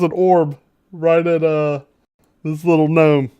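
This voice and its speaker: Slow, playful game master, a man. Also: on the high side, level tone, dark tone, smooth. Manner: playful descriptive storytelling, breaks into laughter. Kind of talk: narrating a tabletop game livestream.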